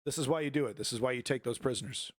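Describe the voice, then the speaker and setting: A man's voice: mid-range voice, racing, no echo, studio quality. A man streaming casual commentary on news footage, rambling with many fillers and restarts and a sardonic edge.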